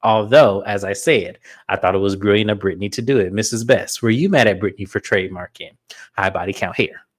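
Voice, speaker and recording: A man's voice: lowish voice, a little fast. A man hosting a casual reality-TV recap, telling the story bluntly and with plenty of swearing. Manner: blunt, profane, animated storytelling. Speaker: podcast host.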